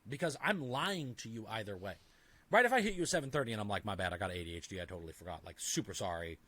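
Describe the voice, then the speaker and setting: A man's voice: fairly low pitch, animated, fast talker, bright, forceful tone, dry recording. A man talking as a podcast guest in casual conversation, emphatic and full of "like"s, often acting out little dialogues in other voices. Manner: filler-heavy, talks with many "like"s.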